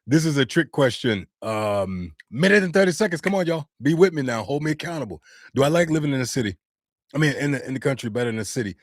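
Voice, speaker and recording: A man's voice: medium pitch, animated, fast, dry recording, studio quality. An American man and voice actor chatting casually on a live stream, answering viewer comments with loose slang. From United States. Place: home studio.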